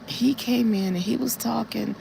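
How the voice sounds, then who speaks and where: A woman's voice: on the high side, moderate pace, creaky, noisy background. A woman on a casual live stream, earnestly retelling a dream in a repetitive way and speaking straight to her viewers. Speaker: livestreamer.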